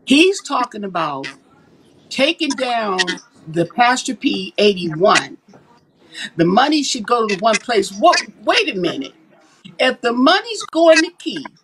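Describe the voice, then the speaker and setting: A woman's voice: a little high, background noise. A woman, talking animatedly and emphatically on a casual livestream. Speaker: livestream co-host.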